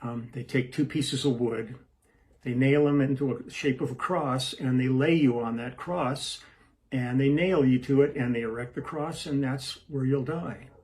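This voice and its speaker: A man's voice: mid-range voice, a little slow, darkish tone, close to an everyday voice. A man voicing God as a solemn, kindly male deity in a spoken joke.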